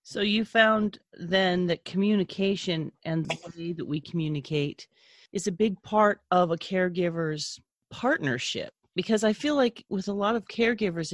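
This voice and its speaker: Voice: medium pitch, moderate pace, dry recording. An interviewer who reflects the guest's words back and asks thoughtful follow-up questions.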